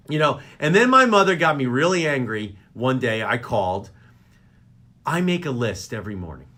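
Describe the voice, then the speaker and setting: A middle-aged man hosting a talk radio show, ranting through comic stories about his family in an excitable, exaggerated way. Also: medium pitch. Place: radio studio.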